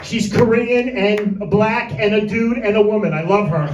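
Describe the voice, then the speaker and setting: Male stand-up comic, high-pitched, crude and rambling, ribs the small crowd; echoey room, mic far off. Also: moderate pace, a little mellow. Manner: crude, rambling, teases audience members by name. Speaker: stand-up comedian. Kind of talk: stand-up set rehearsal. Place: small room with a tiny audience.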